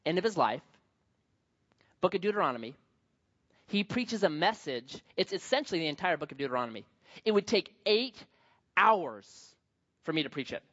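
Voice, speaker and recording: Animated storytelling male pastor. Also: sits high, muffled recording. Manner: animated storytelling with acted quotes. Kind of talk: sermon.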